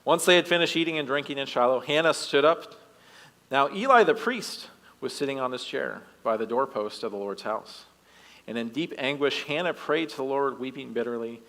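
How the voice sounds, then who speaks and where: A youth director giving a sermon in church, reading scripture aloud and breaking in with joking asides. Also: male voice, mid-range voice, expressive, moderate pace, a bit bright. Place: church sanctuary. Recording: long reverb of a church hall.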